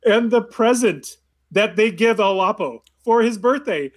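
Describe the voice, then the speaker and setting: A man's voice: high-pitched, animated, unhurried. A man co-hosting a casual movie discussion, rambling with many restarts and frequent laughs. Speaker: podcast co-host.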